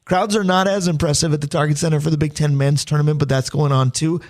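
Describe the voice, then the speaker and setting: A man's voice: a little high, fairly even intonation, fast, darkish tone. A man hosting a sports radio show, chatting casually and reading sponsor details in an upbeat way.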